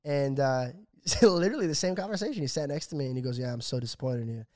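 Fast-talking young man telling a story. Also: medium pitch. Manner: animated storytelling, swearing, acting out quotes. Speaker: podcast co-host. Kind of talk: casual podcast chat.

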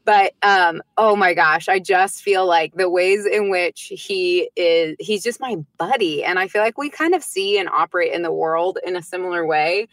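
A woman in her thirties, a podcast guest, chatting casually and telling lively stories about her young sons, acting out their little voices. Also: fairly low pitch, moderate pace, few pauses, no room sound. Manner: lively storyteller who acts out her kids' voices. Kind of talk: casual chat.

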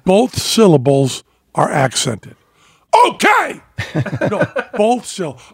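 A man's voice: on the high side, sing-song, a little slow, creaky, husky, dry recording. A man hosting a podcast, chatting casually and joking, often laughing and hamming up a French accent. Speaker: podcast host. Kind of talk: casual chat.

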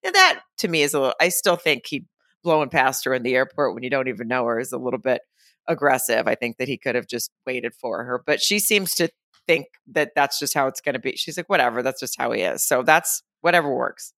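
Podcast co-host, woman, low and bright voice, rambling, dry sound. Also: expressive, brisk, no echo. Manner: rambling, self-correcting, laughs easily. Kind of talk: casual chat.

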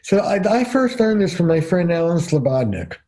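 A man's voice: fairly high pitch, moderate pace. A man, a couples therapist, telling stories emphatically as a guest on a podcast interview. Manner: emphatic, animated storyteller.

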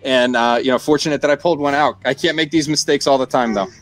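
A man's voice: medium pitch, fast talker, a bit bright, soft background music. A man, a trivia competitor and new champion, chatting humbly and joking in a post-match interview. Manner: humble, joking, laughs often.

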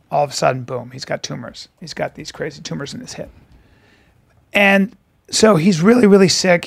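A man's voice: high voice, creaky, no room sound. A man co-hosting a podcast, telling profane stories in casual chat and acting out the voices of the people in them. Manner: profane storyteller, acts out quoted voices. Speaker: podcast co-host.

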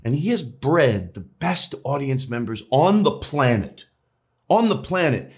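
A male comedian as an interview guest, talking in rambling, animated bursts with restarts and swearing. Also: medium pitch, measured pace. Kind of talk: casual interview chat.

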